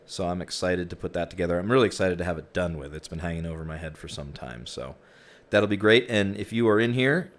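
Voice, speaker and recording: A man with a low, deep voice hosts a virtual reality group session, welcoming people into a virtual room in easygoing, chatty, casual fashion full of "you know" and "um." He talks fast with hardly any pauses, and the sound is close, as through a headset microphone.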